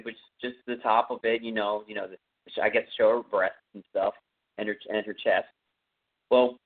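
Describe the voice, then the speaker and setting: Rambling man on a tinny line. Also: lowish voice. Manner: rambling, many fillers, conversational. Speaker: podcast host. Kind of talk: casual film recap. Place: home room with a cat. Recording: phone-like narrow sound.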